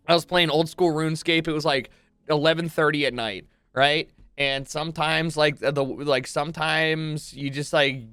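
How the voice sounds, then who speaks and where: Animated swearing young man telling stories. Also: a little high, smooth, no echo. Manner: swearing, excitable, acts out quotes. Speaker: streamer telling a story. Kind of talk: animated comedic storytelling.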